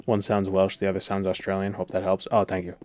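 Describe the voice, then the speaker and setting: A man's voice: low voice, completely flat delivery, fast talker, music in the background. A man in his thirties streaming a game, chatting casually and joking with his chat. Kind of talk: casual gameplay commentary.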